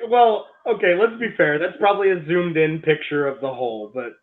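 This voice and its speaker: A man's voice: on the high side, normal speed. A man co-hosting a casual online stream, joking, swearing and laughing as he reads news aloud. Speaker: co-host of a video review stream. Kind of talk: casual banter, reading aloud. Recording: tinny phone-like call audio.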